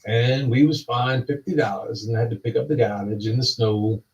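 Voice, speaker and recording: A man telling a long, rambling, repetitive spoken-word story that builds up to excited yelling. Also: mid-range voice, normal speed. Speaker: storyteller performing a talking monologue. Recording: distant, dull lo-fi recording.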